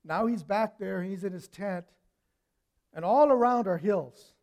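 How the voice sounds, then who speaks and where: A man preaching a sermon, telling stories with lively swings from loud to hushed. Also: high-pitched, a little slow.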